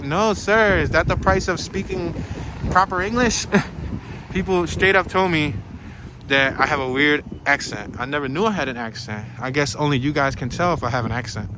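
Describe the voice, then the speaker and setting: A man narrating a casual walking tour through town, talking to viewers in an excitable, slangy way. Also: medium pitch. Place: outdoors on town streets. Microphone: handheld camera on a gimbal. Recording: outdoor street noise.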